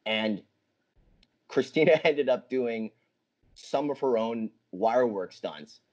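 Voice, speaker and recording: A man, a filmmaker guest, talking casually on a podcast in a halting way with many restarts. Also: mid-range voice, animated, a little mellow, dull audio.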